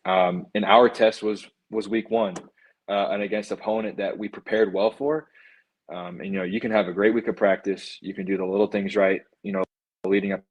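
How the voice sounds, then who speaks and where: A college football player guesting on a podcast over a remote call, answering in a measured way with many pauses. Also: male voice, on the low side, flat delivery, highs cut off. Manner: measured, many ums and restarts. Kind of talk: interview answers.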